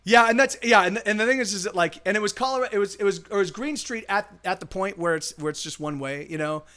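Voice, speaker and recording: A man's voice: high-pitched, quick pace, pushed and bright. A man who is a musician chatting casually between songs on his live stream, telling a rambling, profane story. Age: adult.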